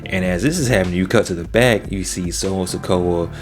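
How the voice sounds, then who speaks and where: A man with a low, deep voice runs through a wrestling episode in relaxed, slangy commentary. He sounds like a regular channel host chatting to his viewers. Faint music plays behind him. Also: a little fast. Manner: laid-back and slangy, often drops "man" and "yo". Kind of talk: casual recap commentary.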